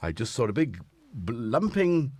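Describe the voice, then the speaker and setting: A man's voice: mid-range voice, sing-song, moderate pace, darkish tone, no echo. A man hosting a live synth stream in casual chat, rambling and self-deprecating, tired and a little sore-throated. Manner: rambling, self-deprecating, playful asides to his cats.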